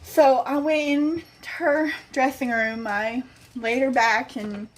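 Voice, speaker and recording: A woman's voice: high voice, fairly even intonation, takes it slowly. A young woman vlogger telling a casual story, chatty, acting out the quoted lines and swearing freely.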